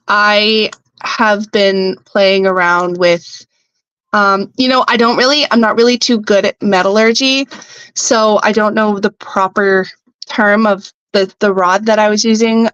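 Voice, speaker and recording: A woman's voice: medium pitch, slow, clear, resonant tone, dry recording, muffled recording. A young adult woman from Canada, a podcast guest talking casually about her welding work. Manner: relaxed, thinks aloud with fillers. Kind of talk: casual chat.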